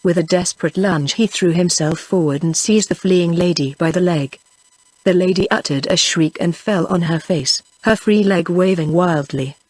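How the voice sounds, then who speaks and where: A text-to-speech woman voice with a British accent, reading a novel aloud at a steady, even pace. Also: lowish voice, moderate pace, dry recording, poor audio. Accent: British English. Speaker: audiobook narrator. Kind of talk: synthetic audiobook narration.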